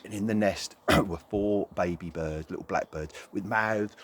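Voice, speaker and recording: A man telling a folk tale to children, animated and talking straight to the young listeners. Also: low voice, measured pace, few pauses. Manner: animated, talks directly to children. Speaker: storyteller. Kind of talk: children's story narration.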